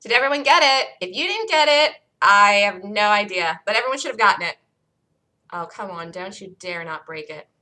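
A woman hosting a live day trading room, excitedly calling trades as they happen, her voice getting worn from talking loud. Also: mid-range voice, moderate pace. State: losing her voice. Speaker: day trading show host.

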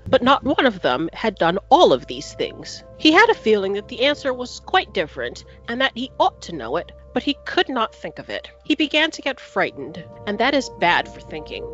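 A woman podcast host reading a storybook aloud with expressive, animated narration. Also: mid-range voice, highs cut off.

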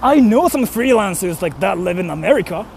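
A man's voice: sits high, expressive, fairly quick, creaky, a little mellow, a little hiss or hum. A young man, a freelance translator and voice actor, chatting casually and rambling as he walks outdoors to a station, speaking into a handheld phone. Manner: rambling, with fillers and self-questioning. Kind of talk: casual vlog talk while walking. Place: outdoors on a street, walking to a station.

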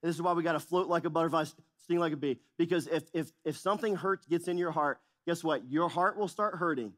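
A man's voice: on the high side, fairly quick, fairly bright tone. A middle-aged male pastor preaching a sermon in a church, emphatic and repetitive, asking the audience questions. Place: church auditorium.

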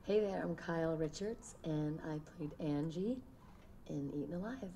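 A woman, an actress, giving commentary on a film she acted in, animated and exclaiming with laughs. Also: sits low, normal speed, a little hiss or hum. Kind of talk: recorded commentary interview.

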